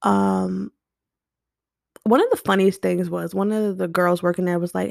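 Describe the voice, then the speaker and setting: A woman's voice: mid-range voice, unhurried, vocal fry, long pauses, a little mellow, no echo, studio quality. A young woman hosting a podcast, talking unscripted and bluntly about her past, swearing often. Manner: blunt and emotional, frequent swearing. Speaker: podcast host. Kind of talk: unscripted personal monologue. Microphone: home podcast mic.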